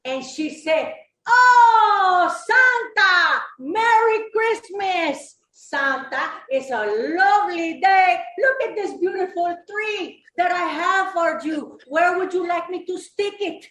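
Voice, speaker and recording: Woman as a very high flirty Mrs. Claus, bubbly and loud, echoey room. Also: lively intonation, takes it slowly, few pauses, full character voice. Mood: storytelling. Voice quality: loud, bubbly, laughing through lines. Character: brassy, flirty Mrs. Claus with a Latin flair. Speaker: roast guest. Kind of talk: live comedy roast bit.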